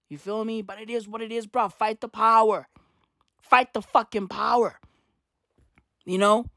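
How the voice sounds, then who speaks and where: Brief: woman comedian, slangy profane rant, unhurried pace, swooping pitch, dry close sound. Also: no echo. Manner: slangy, swearing, animated riffing. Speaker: comedic vlogger.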